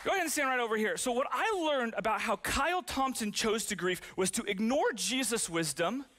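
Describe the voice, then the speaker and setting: Young man, pastor; expressive sermon storyteller, quiet on the heavy parts. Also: extremely high pitch, background noise. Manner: animated storyteller, drops soft and slow on grief. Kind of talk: sermon with personal stories. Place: church stage with audience.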